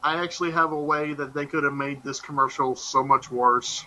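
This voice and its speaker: A man hosting a casual podcast chat, telling stories in an animated, crude, joking way. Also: on the high side, moderate pace, low-quality recording. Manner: animated, crude, jokey storytelling.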